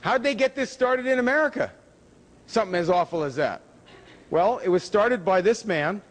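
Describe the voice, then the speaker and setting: A man giving a public lecture with slides, emphatic, with pitch rising on key words. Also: lively intonation, moderate pace. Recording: hall reverb from a lecture room.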